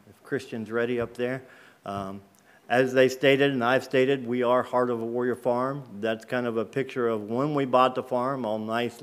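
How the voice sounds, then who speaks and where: A man's voice: medium pitch, clear, resonant tone. A man speaking as a guest in a church, telling a personal faith story in a plain, conversational way with casual grammar. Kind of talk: personal testimony in a church service. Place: church sanctuary.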